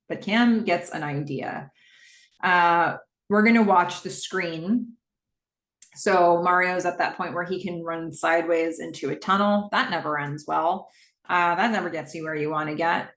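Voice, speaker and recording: A woman hosting a podcast, recapping a TV episode scene by scene in a casual, animated way with frequent laughs. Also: lowish voice, a little slow, echoey room. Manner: animated, laughs often, acts out the characters' lines.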